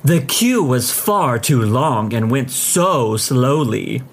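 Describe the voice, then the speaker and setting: A woman's voice: a bass voice, sing-song, moderate pace, husky, exaggerated voice. A man voicing a rude, entitled woman customer who talks in a huffy, sarcastic, condescending way. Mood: demanding.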